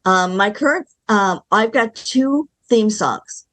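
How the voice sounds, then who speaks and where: A woman filmmaker answering interview questions in a thoughtful, halting way, with frequent restarts and ums. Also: mid-range voice, a bit bright. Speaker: filmmaker guest.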